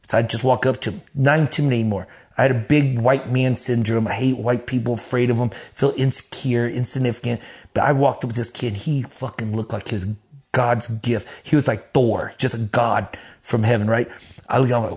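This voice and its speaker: A man telling stories as an interview guest, animated and profane, acting out the voices of the people he quotes. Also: mid-range voice, fairly quick. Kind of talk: casual storytelling in an interview.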